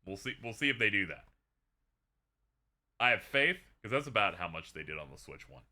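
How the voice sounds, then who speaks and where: A man's voice: lowish voice, big pitch swings, fairly quick, bright, forceful tone. A man hosting a stream in casual chat, sarcastic and joking. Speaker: streamer host.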